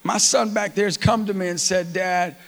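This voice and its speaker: A middle-aged man preaching a sermon with personal stories, impassioned and often rising to near-shouts. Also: sits high, fairly even intonation, brisk, gravelly, long reverb tail.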